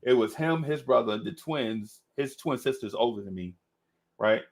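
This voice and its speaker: This man, a podcast co-host, recounts a childhood memory in relaxed chat at a normal speed and medium pitch. His delivery is lively, full of laughter, with impressions of the characters involved.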